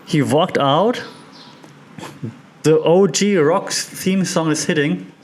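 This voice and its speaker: A man who is a media professor, giving excited, animated commentary, laughing often as he talks and coughing now and then. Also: on the high side, takes it slowly. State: occasional cough. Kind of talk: enthusiastic commentary.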